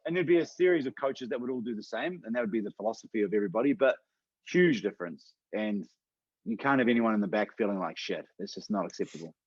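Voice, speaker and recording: Quick earnest coach guy chatting on a podcast, dry close mic, kinda dull lo-fi sound. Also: lowish voice, lively intonation, a little mellow, slightly rough, no room sound. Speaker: podcast co-host, fitness coach. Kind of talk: casual chat.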